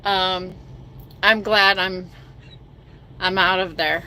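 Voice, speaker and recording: A woman's voice: fairly low pitch, fairly even intonation, takes it slowly, long pauses, sharp tone. A middle-aged woman trucker hosting a casual livestream chat, self-mocking and reading viewer comments aloud.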